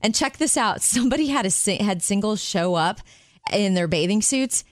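A woman co-hosting a show, presenting light feel-good stories in an upbeat, lively way. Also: mid-range voice, moderate pace, no room sound. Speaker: radio show co-host. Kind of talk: casual chat and news-story reading.

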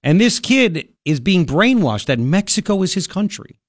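A man's voice: high-pitched, big pitch swings, normal speed, dry recording. A man hosting a talk radio show, delivering an opinionated monologue full of rhetorical questions into a studio microphone. He grew up on Long Island, New York.

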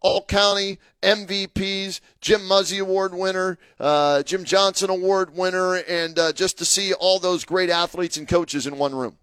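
A man co-hosting a local sports radio show, his voice pitched high and recorded dry and close. He talks in an upbeat, rambling way, full of promotions and fillers. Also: steady tone, a little slow, hardly any pauses, fairly bright tone, clear, resonant tone, no room sound. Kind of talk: casual radio talk.

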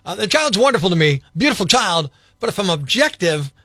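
An earnest young father on a prank call, put on by a radio host speaks in a hushed, hesitant, confiding tone and stumbles over his words. His voice sits fairly high and sounds dry and close. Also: sing-song, a little fast, no echo, exaggerated voice.

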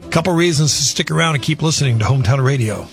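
A man's voice: mid-range voice, rapid-fire, gravelly, soft background music. A man hosting a local radio show, chatting casually and reading promotions in an upbeat way. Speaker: radio host.

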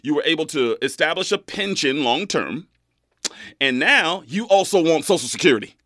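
A man in his twenties hosting a talk radio show, animated and folksy, laughing often. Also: fairly high pitch, normal speed, no echo, clean studio sound. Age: 20s.

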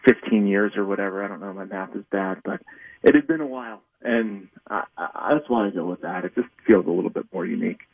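A man talking as a guest on sports radio, relaxed and offhand. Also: low voice, a little fast, gravelly, husky, no echo. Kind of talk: casual radio interview. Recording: tinny phone line.

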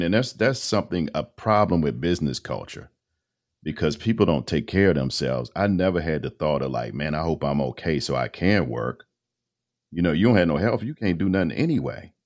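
A middle-aged man with an extremely deep voice tells a personal story as a podcast guest. His pitch moves a lot, and he acts out the dialogue in a casual, slangy way. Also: a little mellow. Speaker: podcast guest, voice-over artist.

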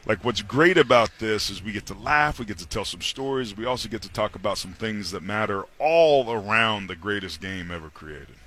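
Bright-voiced man telling football stories. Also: on the low side, lively intonation, normal speed, hardly any pauses. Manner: storytelling, imitates coaches with big voice swings. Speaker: guest, sports analyst and former football player. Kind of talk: animated radio interview. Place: radio row at a football event.

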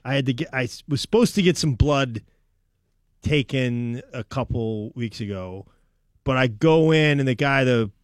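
Brief: man in his forties, comedy guest, dry close sound, lively storyteller who slips into silly voices. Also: medium pitch, moderate pace, dry recording. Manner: animated storytelling, puts on voices for jokes. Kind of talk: casual chat.

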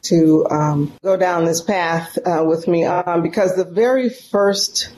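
A woman's voice: on the low side, slow, darkish tone. Woman, middle-aged, from San Francisco, emotional storyteller, interview guest, faint hiss. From San Francisco, California. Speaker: guest, professor.

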